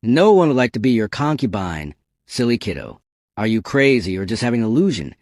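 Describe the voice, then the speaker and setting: A man's voice: mid-range voice, very animated, fairly quick, darkish tone, no room sound, clean studio sound, lightly acted. A man voicing a dismissive young woman cultivator. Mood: scornful.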